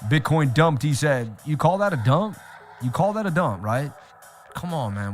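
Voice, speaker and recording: A man hosting a live trading stream, talking straight to his chat in an animated, repetitive way. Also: a little high, normal speed, faint music behind. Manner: animated, repeats himself, talks straight to chat. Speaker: livestream host. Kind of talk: casual livestream chat.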